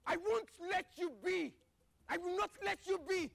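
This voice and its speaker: A man's voice: extremely high pitch, normal speed, gravelly, a bit bright, heavily acted. A man playing a desperate pleading man. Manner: pleading, insistent.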